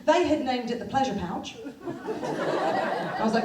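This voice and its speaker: A woman's voice: high voice, big pitch swings, takes it slowly, echoey room, very noisy. A woman in her thirties from England performing a chatty, self-deprecating stand-up comedy set on a venue stage. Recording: live theatre, far mic, crowd laughter.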